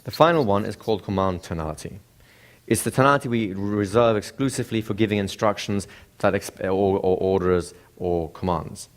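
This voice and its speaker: This male instructor speaks at a normal speed in a fairly low voice while giving a classroom lecture. He frequently poses rhetorical questions to the class and demonstrates speech intonation by acting it out.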